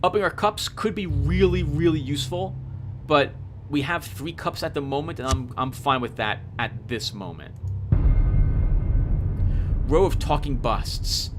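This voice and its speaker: A man doing casual game commentary, excitably explaining the rules aloud and reading out the game text. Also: a little high, unhurried, long pauses, over music. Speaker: let's play host.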